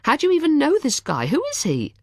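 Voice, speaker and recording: A woman's voice: mid-range voice, sing-song, moderate pace, slightly rough, no echo, studio quality, voice pushed up. A woman voicing an anxious, caring young woman in an audiobook, with urgent, rising questions in a raised voice. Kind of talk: audiobook character voice.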